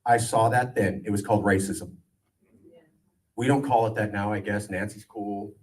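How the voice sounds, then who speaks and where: A man in his forties from California giving an animated, joking political speech to a crowd, with a sarcastic edge. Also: on the low side, normal speed. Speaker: political campaigner speaking to a crowd. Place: event gathering. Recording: voice distant from the mic.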